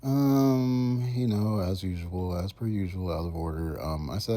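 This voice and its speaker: A young man talking casually as a vlogger, rambling through chat messages with lots of fillers and "bro", sometimes mumbling and sometimes getting loud. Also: low voice, measured pace.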